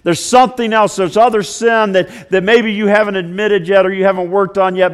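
A male pastor preaching a sermon, swinging from loud declarations to hushed, slow storytelling. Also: high-pitched, fairly even intonation, smooth.

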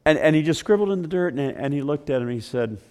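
A pastor delivers a sermon fast, in a fairly high, expressive voice, narrating the story with conversational asides. He swings between loud stretches and hushed passages.

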